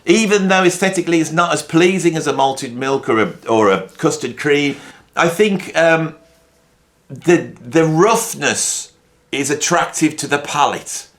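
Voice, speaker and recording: A man's voice: fairly high pitch, measured pace, a bit bright. Mock-outraged middle-aged Englishman. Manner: mock-indignant, rambling, dry humor. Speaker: video host. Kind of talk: casual ranking monologue.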